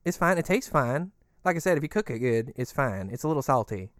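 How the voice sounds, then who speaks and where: A man playing a laid-back, foul-mouthed resident who rambles on with a swooping, animated voice. The sound is dry and close, with nothing in the background. It is a comedy podcast. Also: brisk, dry recording, natural voice. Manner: chatty, crude, swinging pitch. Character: rambling, easygoing male resident inside a giant creature.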